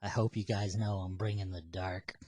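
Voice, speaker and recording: A man's voice: deep voice, level tone, normal speed, dark tone, husky, dry recording. A man co-hosting a casual podcast, playful and teasing as he talks through stories and plans. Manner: teasing, playful, hints at what comes next. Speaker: podcast co-host. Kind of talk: casual chat.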